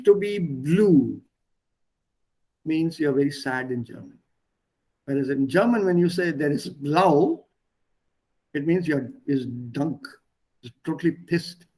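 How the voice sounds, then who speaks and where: A man teaching a language lesson online, explaining word pairs patiently with pauses. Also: a little high, a little mellow, low-quality recording.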